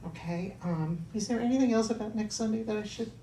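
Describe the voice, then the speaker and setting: Chatting warmly with her congregation, a woman minister runs through church announcements and a sermon in a church hall. Her voice is mid-range and a little fast. She sounds distant in the roomy hall, with slight background noise.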